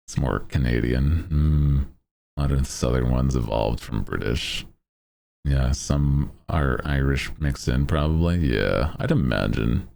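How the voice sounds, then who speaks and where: A man's voice: a bass voice, gravelly, mellow. A man streamer in casual chat, rambling in a laid-back way with lots of "like" and "dude," speaking into a desk microphone.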